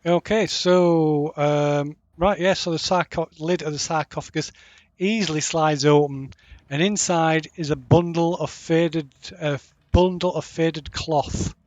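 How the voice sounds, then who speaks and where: A man narrates a tabletop game as its game master, feeling his way through each description. His voice sits a bit high and moves at an unhurried, hesitant pace. The sound is dry, with no room around it. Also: fairly even intonation, darkish tone, dry recording, lo-fi sound. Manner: slow, halting narration with many fillers.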